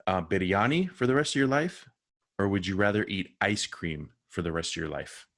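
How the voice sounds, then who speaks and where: A man hosts a casual podcast interview, upbeat and friendly. His voice sits on the low side, and he drops in "dude" and quick reactions. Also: expressive, fairly bright tone. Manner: friendly, enthusiastic, says "dude". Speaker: podcast host.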